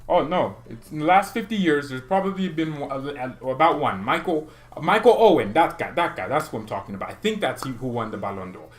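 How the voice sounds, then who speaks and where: A man's voice: fairly high pitch, animated, fairly quick, hardly any pauses, faint music behind. A man hosting a football fan channel, ranting in an exasperated, sarcastic and mocking way. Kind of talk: ranting commentary to camera.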